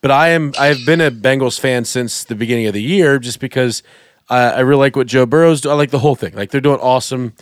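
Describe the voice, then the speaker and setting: A man's voice: mid-range voice, quick pace, dry recording. A man hosting a casual sports podcast, rambling and joking, often trailing off and restarting. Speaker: podcast host. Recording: dry podcast mic.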